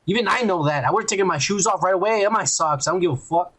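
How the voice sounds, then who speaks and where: Husky, high-voiced man rambling profanely. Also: quick pace, fairly bright tone. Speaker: podcast host. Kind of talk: casual podcast chat, recapping a show.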